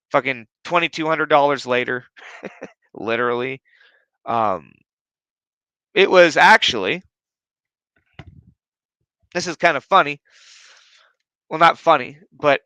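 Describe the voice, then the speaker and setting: The man's voice sits on the high side and carries a sharp tone as he hosts a casual podcast at home in his living room. Over a streaming setup, he tells a meandering, profanity-laden story full of fillers, captured in a low-quality recording with no room sound.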